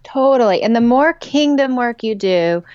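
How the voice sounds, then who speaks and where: Woman author chatting in an interview, lively and emphatic, dry kinda dull sound. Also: on the high side, moderate pace, dry recording. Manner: animated, emphatic storytelling. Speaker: author and ministry executive director. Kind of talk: casual interview talk.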